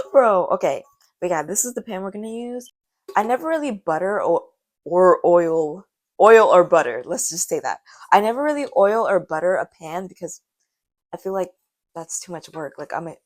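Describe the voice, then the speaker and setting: Hoarse, rambling young woman vlogger. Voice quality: deep-sounding voice. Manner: rambling, chatty, self-mocking. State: hoarse from karaoke. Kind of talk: casual baking vlog chat.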